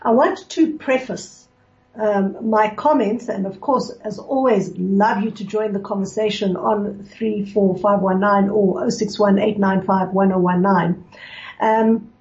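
A woman's voice: mid-range voice, fairly even intonation, a little slow, darkish tone, lo-fi sound. A woman hosting a radio show, talking earnestly about mourning customs and telling a personal story, with many fillers and restarts. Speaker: radio host. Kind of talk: reflective radio talk on religious law.

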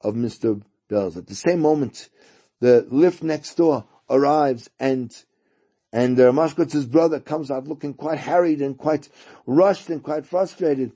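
A man telling a story during a lesson, halting and repeating words as he goes. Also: on the high side, mellow, slightly rough. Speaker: teacher.

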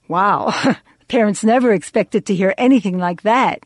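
A woman hosting a radio talk show, telling a story slowly and deliberately with dramatic pauses. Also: medium pitch, dry recording.

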